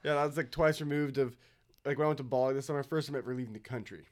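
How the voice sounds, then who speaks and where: A man's voice: mid-range voice, fairly even intonation, very fast. A young man from Northern California telling easygoing stories in a casual chat. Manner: easygoing storyteller, laughs between lines. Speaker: conversation participant.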